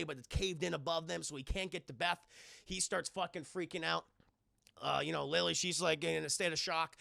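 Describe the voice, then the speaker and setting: Man, live streamer, casual film recap to chat, bright edgy tone, gravelly, animated, swears, acts out lines. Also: on the high side, no echo, studio quality. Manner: animated, profane, acts out characters' lines in quick bursts. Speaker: live streamer reviewing films.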